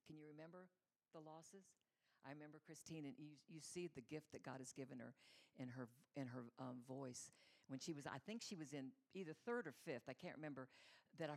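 This middle-aged mother speaks at church in a deep voice that is fairly quick, creaky, and a little mellow. She delivers her sermon like a conversational story, performing the voices of those she quotes.

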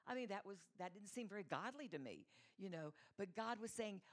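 A woman's voice: medium pitch, lively intonation, fairly quick. A middle-aged woman giving a conversational, storytelling sermon as a mother, acting out the voices she quotes. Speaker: church speaker, mother.

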